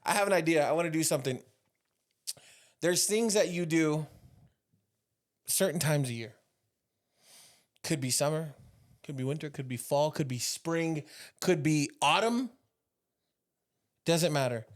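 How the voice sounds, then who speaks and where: A man hosting a podcast in casual chat, joking and teasing, quick to laugh. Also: on the high side. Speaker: podcast host.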